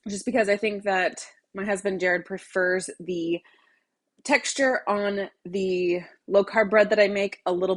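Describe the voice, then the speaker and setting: Chatty woman rambling in her kitchen. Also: mid-range voice. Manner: rambling, talkative, self-interrupting with fillers. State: a little out of breath. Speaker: cooking vlogger. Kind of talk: casual chatty kitchen vlog. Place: large home kitchen.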